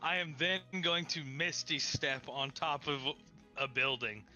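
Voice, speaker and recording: A man's voice: mid-range voice, measured pace, pushed and bright, faint music behind. A man playing a tabletop game, talking in a playful, joking way. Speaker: player. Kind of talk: casual chat.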